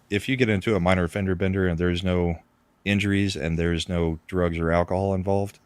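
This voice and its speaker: A man's voice: deep voice, no room sound. A man co-hosting a podcast in casual chat, with dry, matter-of-fact remarks.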